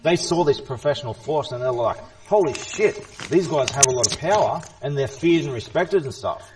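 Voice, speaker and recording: A man talking as a guest in a casual conversation, speaking fast, often repeating words and restarting his sentences, and insisting on finishing his point. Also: mid-range voice, expressive, noisy background. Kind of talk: casual spoken explanation.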